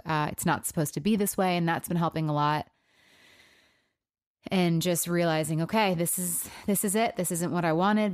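A woman in her thirties hosting a solo podcast, talking in a halting, soft-spoken way and sounding emotionally raw and subdued. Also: sits low, clean tone, no echo, studio quality. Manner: halting, soft-spoken, with frequent pauses and trailing phrases. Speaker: podcast host. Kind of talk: casual solo podcast talk.

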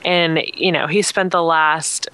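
A woman's voice: deep voice, steady tone, unhurried, bright, forceful tone, clear, resonant tone. A woman co-hosting a casual podcast, talking in a thoughtful, chatty way. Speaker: podcast co-host. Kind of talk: casual chat about TV episodes.

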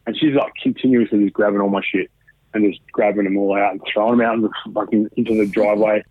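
A man's voice: fairly low pitch, steady tone, fast, no echo. A man in his thirties with an Australian accent, a guest telling a story candidly in a casual interview, swearing freely and retelling events with animation. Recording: dry, tinny phone line.

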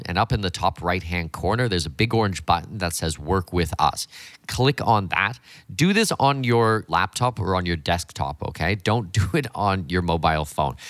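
A man in his forties hosting a solo podcast, talking with blunt enthusiasm in a voice gone hoarse from a week of speeches. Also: deep voice, fairly bright tone, dry recording, clean studio sound. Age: 40s. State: hoarse, half lost voice. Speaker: podcast host.

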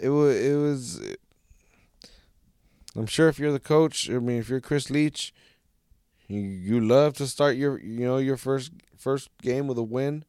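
A man's voice: mid-range voice, measured pace, long pauses, a little mellow, clear, resonant tone, no echo, clean studio sound. A man ranting casually and profanely as a soccer fan, rambling with many restarts. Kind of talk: casual solo rant.

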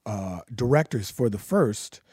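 A man in his sixties, a guest in a casual interview, telling animated, profane stories and laughing as he goes. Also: on the low side, measured pace, breathy edge, dry recording, clean studio sound.

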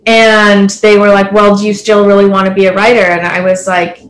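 Canadian woman telling her story, flat. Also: mid-range voice, brisk, reverberant. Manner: earnest storytelling with frequent "like" and "you know". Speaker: panelist. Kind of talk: casual panel discussion.

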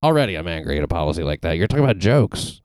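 A man from the American South hosting a casual comedic chat, deadpan and jokey, with many stumbling restarts. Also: low voice, very fast, smooth, no room sound. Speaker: podcast host.

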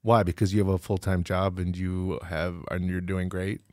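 A man co-hosting a podcast in casual chat, making wry, deadpan quips. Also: low voice, moderate pace, no room sound, studio quality. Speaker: podcast co-host.

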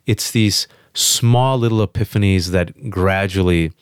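A man as an interview guest, telling a personal story with emphatic, quick restarts. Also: low voice, clean tone, no room sound, studio quality. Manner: emphatic, fast restarts, animated quotes. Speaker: guest on a podcast.

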